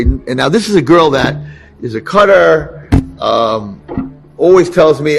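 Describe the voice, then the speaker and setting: A rabbi telling a story to an audience, animated and acting out the lines of the people in it. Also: male voice, on the high side, a little slow, creaky, husky, faint music behind. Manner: animated, acts out dialogue. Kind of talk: storytelling talk.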